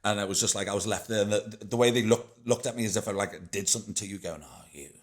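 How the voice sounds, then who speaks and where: A man's voice: fairly low pitch, steady tone, fast. A middle-aged man hosting a podcast, chatting casually with frequent swearing and stumbling restarts. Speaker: podcast host. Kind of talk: casual chat.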